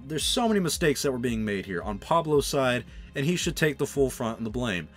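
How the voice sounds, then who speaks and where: A man's voice: mid-range voice, very animated, a little fast. Young guy ranting on his vlog, exasperated and sarcastic, bit of music under it. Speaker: channel host. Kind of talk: opinion commentary vlog.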